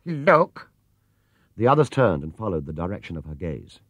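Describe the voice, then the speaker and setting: A man narrating a children's storybook in an expressive, lively way. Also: deep voice, quick pace, dry recording, lo-fi sound. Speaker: audiobook reader.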